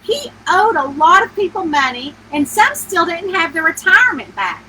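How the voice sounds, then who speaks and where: A woman author reads her own novel aloud at home, a bedtime story told in an animated first-person voice. Her pitch sits high and swings widely, with a bright, forward tone. A faint background hiss lies beneath the reading. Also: normal speed, hardly any pauses, poor audio. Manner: animated first-person narration, voicing the heroine with feeling.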